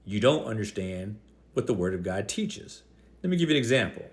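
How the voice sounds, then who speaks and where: A man hosting a Christian video, rebutting an opponent directly in a combative voice and stressing key words slowly. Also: on the low side, lively intonation. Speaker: Christian apologetics video host.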